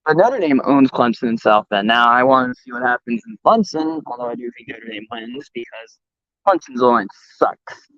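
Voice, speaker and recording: A man's voice: medium pitch, animated, moderate pace, a bit bright, no echo. Blunt, profane young man ranting. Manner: blunt, profane, opinionated sports talk. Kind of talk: casual chat. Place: outdoors. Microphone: voice call or stream mic. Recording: dull, slightly lo-fi dry sound.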